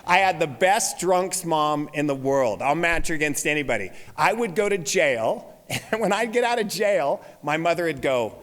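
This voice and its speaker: A recovery meeting speaker in his forties tells funny stories and chuckles at his own jokes, captured in a reverberant recording of a large convention hall. His voice is on the high side and fairly bright, animated, at normal speed with few pauses.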